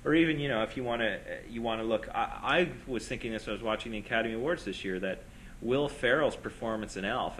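A man's voice: on the low side, fairly bright tone, a little hiss or hum, low-quality recording. A man co-hosting a casual film talk, making his case in long reasoned runs.

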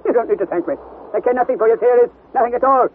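An actor playing a stubborn, domineering older professor in a radio drama, brusque and commanding. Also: male voice, very high voice, rapid-fire. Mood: dismissive. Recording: tinny old radio broadcast with hiss.

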